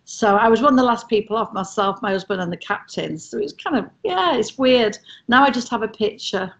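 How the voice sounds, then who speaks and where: A woman's voice: fairly high pitch, expressive, a little fast, a bit bright. Chatty English woman telling stories. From England. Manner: chatty, self-mocking, laughs often. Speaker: guest, former cruise ship entertainer. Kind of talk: casual storytelling on a video call.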